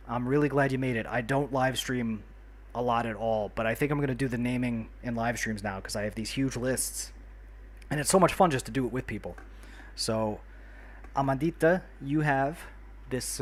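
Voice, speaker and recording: Dude from new york, chatty livestream host talking to chat, middle pitched voice. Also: male voice. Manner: chatty, friendly, greets and thanks viewers by name. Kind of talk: casual livestream chat while playing a city builder.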